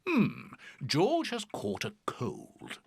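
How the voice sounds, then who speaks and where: A man voicing a kindly, calm bear doctor in a children's cartoon, reassuring in manner. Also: medium pitch, extremely slow, creaky, slightly rough, dry recording, heavily acted.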